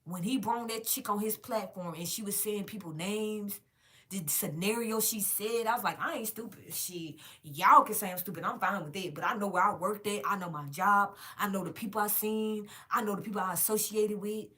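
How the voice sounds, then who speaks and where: A woman's voice: medium pitch, moderate pace, pushed and bright. A woman vlogging to her viewers in a casual, emphatic and profane rant, calling them y'all.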